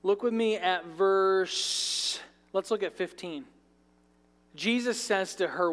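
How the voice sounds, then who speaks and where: A man's voice: high-pitched, takes it slowly, a bit bright. A male pastor preaching a sermon in a church sanctuary, conversational with light asides and jokes. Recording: reverberant large church hall.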